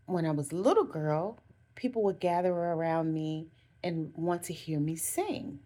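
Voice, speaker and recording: Relaxed and unhurried, a woman vlogger shares reflective self-help thoughts in a warm, mellow voice that sits a little low. She keeps coming back to "again" and "you know," and she corrects herself partway through sentences.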